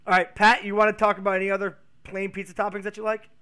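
A man co-hosting a casual comedy podcast, delivering deadpan puns that trail off quietly. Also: sits high, fast talker, clear, resonant tone. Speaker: podcast co-host.

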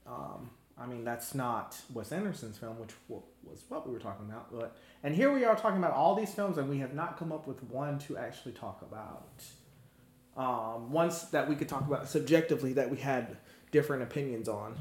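Animated man, lively casual podcast banter. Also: a little fast. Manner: animated, jumps into high-pitched mimicry. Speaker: podcast host. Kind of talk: casual chat. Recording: echoey room.

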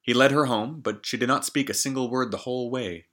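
A man's voice: medium pitch, a little fast, fairly bright tone. A man reading a fairy tale aloud, stopping often for joking comments on the story. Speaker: storybook reader.

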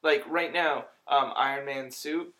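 A man's voice: mid-range voice, steady tone, a little slow, fairly bright tone. A man co-hosting a casual podcast chat, joking around. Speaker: podcast co-host.

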